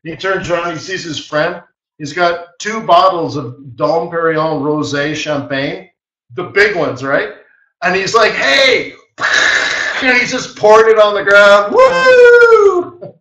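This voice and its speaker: Webinar host, man, bright-edged voice, fairly high, animated storyteller who laughs a lot; echoey dull recording. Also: measured pace. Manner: animated anecdote teller who laughs often and acts out quoted voices. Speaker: market strategist hosting a trading webinar.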